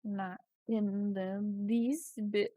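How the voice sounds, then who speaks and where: A playful woman streamer reads a text adventure aloud at an unhurried pace. She is giggly and often breaks into loud mock shouting. Her voice is close and dry at a desk mic, with no room sound. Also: mid-range voice, steady tone, dry recording. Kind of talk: casual livestream, reading a text adventure aloud.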